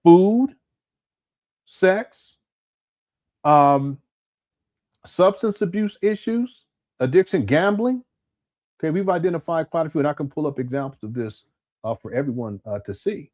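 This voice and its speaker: Animated man hosting a live stream. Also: a little high, measured pace, pauses often. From Southern California. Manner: conversational, repeats words, answers chat comments. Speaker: commentary host.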